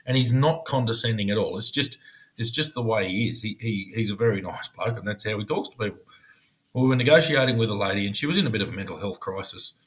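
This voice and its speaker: A man's voice: on the low side, quick pace, fairly bright tone. A man, a podcast co-host and former police negotiator, telling a story in casual chat. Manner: storytelling, slips into funny put-on voices for quoted people.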